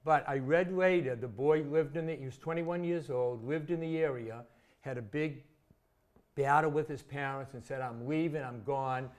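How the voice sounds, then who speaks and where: A man's voice: a little high, moderate pace. A man in his sixties from Massachusetts, a former teacher telling vivid, self-mocking stories as an interview guest. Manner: chatty, vivid anecdotes with self-deprecating humor. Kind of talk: casual storytelling in an interview.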